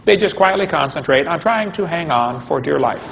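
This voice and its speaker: A somewhat high-pitched man with a gravelly edge lectures a live audience in a folksy, joking way and keeps asking them questions. The recording is dull and lo-fi, and his voice rings with a long hall reverb. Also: lively intonation, brisk, noisy background. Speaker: creation science lecturer.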